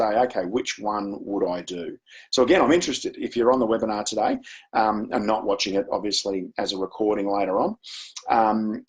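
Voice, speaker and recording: Man, low voice, casual storytelling, lots of ums. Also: poor audio. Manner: chatty anecdotal storytelling with many fillers. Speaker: education presenter. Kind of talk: webinar storytelling.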